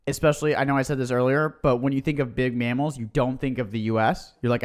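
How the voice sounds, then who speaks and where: A man co-hosting a casual podcast, telling history in an excitable, joking way. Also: medium pitch, fast talker. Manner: excitable, tells history with jokes. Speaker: podcast co-host. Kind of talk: casual chat.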